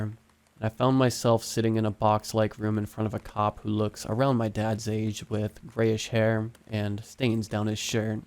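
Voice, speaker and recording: A man reading a horror story aloud as a steady, scripted narration. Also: medium pitch.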